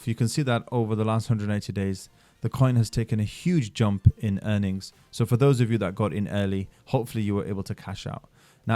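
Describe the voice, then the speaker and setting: A man's voice: fairly low pitch, a little mellow. Upbeat man hyping crypto picks. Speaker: channel host reviewing mining projects. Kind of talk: screen-share explainer voice-over.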